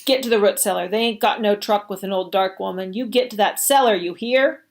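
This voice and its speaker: A woman's voice: medium pitch, fairly quick, close to an everyday voice. A woman playing a protective old woman. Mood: urgent. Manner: warm, folksy Southern dialect speech.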